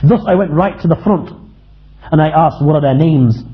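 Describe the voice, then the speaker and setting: Male preacher, fairly high voice, races through recited verses, muffled lo-fi recording. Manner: rapid Arabic recitation between English retellings. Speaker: Islamic lecturer. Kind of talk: lecture storytelling with Quran recitation. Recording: dull lo-fi lecture recording.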